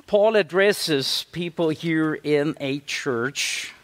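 A man from Africa, a visiting pastor, preaching a sermon with lively storytelling and acted-out quotes of church members. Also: fairly high pitch, drawn-out words. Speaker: guest pastor.

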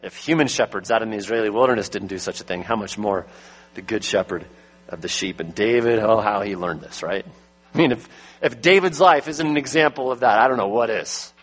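A man's voice: lowish voice, fairly quick, fairly bright tone. A man preaching a sermon as pastor, emphatic, his voice rising when he presses a point home.

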